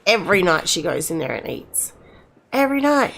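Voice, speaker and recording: A woman's voice: a little high, sing-song, a little fast, bright, forceful tone. A middle-aged woman, chatting casually with her live-stream viewers in a rambling way, full of restarts.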